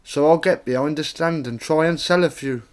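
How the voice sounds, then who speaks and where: This Staffordshire poet has a fairly high-pitched voice and reads at a moderate pace. He presents his own rhyming poems in an unadorned, conversational way, linking them with relaxed spoken introductions.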